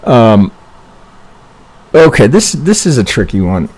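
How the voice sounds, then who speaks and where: A man's voice: medium pitch, very animated, slow pace, darkish tone, breathy edge. A man reviewing trading charts on a casual live stream, rambling and self-interrupting, tagging "right?" onto his points, a little congested from allergies. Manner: rambling, self-interrupting, frequent "right?" tags and mild swearing.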